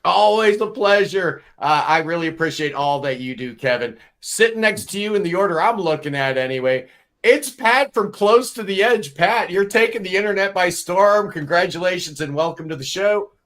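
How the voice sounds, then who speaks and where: A man's voice: sits high, lively intonation, moderate pace, a bit bright. A man hosting a casual live-stream panel chat, introducing his guests in a chatty, upbeat, teasing way. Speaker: host.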